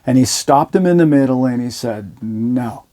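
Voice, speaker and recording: A man's voice: mid-range voice, normal speed. A man casually telling his viewers a story, acting out the quoted lines of the people in it. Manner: animated retelling, acting out quoted dialogue. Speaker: host.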